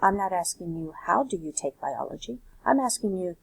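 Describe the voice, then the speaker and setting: A woman with a lowish voice and lively intonation, creaky and a bit breathy, teaches a Spanish class on poor-quality audio. In this recorded lesson she walks students through a worksheet with patient, step-by-step explanations, slowing down whenever she gives an example.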